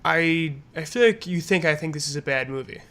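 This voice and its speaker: A man's voice: on the high side, a little fast, sharp tone. A man co-hosting a movie podcast in casual chat, speaking bluntly, swearing freely and laughing easily. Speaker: podcast co-host.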